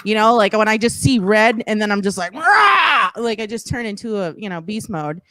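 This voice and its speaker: A woman's voice: medium pitch, steady tone, a little fast, fairly bright tone, no room sound. A woman comedian from Boston with a Boston accent, chatting brashly, laughing and swearing freely. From Boston, USA. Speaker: comedian guest. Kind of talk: casual podcast chat. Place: Los Angeles.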